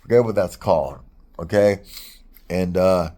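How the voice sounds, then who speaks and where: A man's voice: low voice, a little slow, mellow. A middle-aged man from the United States telling a long, frustrated story in a rambling, profane way with many restarts. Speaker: vlogger. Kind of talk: casual storytelling rant.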